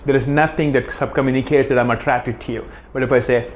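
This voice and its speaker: A man's voice: medium pitch, steady tone, fast talker. A man coaching on dating, explaining confidently in an instructional talk. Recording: dull clip with faint background noise.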